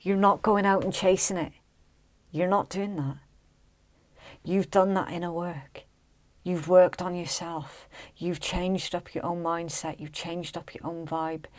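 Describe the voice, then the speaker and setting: A woman's voice: lowish voice, fairly even intonation, measured pace. A woman giving a casual, chatty tarot reading, often checking in with "okay?" and "right?". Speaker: tarot reader.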